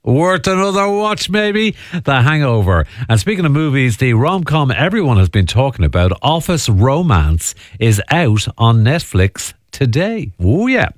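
A man's voice: medium pitch, big pitch swings, unhurried, few pauses, dry recording. A man hosting a chatty radio entertainment segment, laughing at his own asides. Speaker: radio host.

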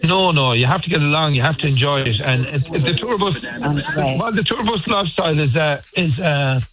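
A middle-aged Irish band member gives a phone interview over a tinny line, rambling through stories with hesitant restarts. His voice is on the high side, expressive and a little fast, with a crowd audible behind him.

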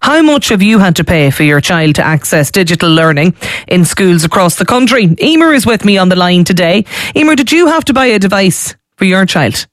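A man presents live radio from the studio mic in a brisk, chatty manner. His voice sits high for a man. The sound is close and dry. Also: very animated, a bit bright, no echo. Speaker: radio show host. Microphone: studio microphone.

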